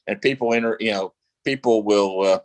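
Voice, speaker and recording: A man's voice: lowish voice, brisk, no room sound, low-quality recording. Rambling man telling stories, dry sound. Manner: rambling, many fillers and restarts. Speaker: actor guest. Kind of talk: casual interview storytelling.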